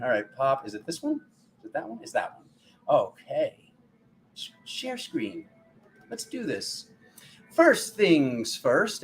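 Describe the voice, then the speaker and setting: Excitable, lively-voiced male streamer. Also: on the high side. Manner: animated, excitable, laughs often, greets viewers by name. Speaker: spiritual livestream host. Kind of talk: casual livestream chat.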